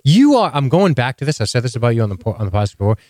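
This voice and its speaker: A man co-hosting a podcast in casual, animated chat, swearing freely and teasing his co-host. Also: mid-range voice, dry recording, studio quality. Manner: animated, profane, jokey, quick to tease.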